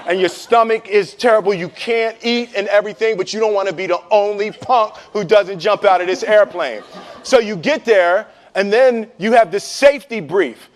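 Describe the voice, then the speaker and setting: High-voiced man telling a lively story. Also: moderate pace. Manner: chatty, laughs often, repeats words. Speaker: speaker giving life advice. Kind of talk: animated storytelling with acted-out quotes.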